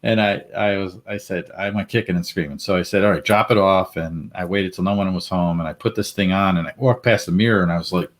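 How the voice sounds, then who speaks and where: Deep-voiced man telling a story with laughs. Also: quick pace, hardly any pauses. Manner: animated, laughs often, acts out quoted voices. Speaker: panel guest. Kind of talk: casual storytelling.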